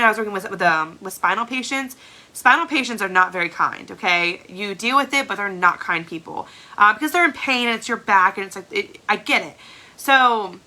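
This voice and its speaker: A woman shares her story at a training in a bright, clear voice. She speaks in a casual, emphatic way, filling her talk with "like" and repeating words for stress. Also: mid-range voice, poor audio. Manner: chatty, fillers "like", emphatic repeats. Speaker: Scentsy star director. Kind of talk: motivational personal story.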